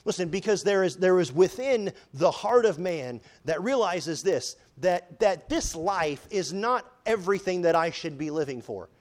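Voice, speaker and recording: A man preaching a sermon, emphatic, often rising and falling in loudness, quoting scripture in old-fashioned wording. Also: sits high, lively intonation, normal speed, hardly any pauses. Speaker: pastor.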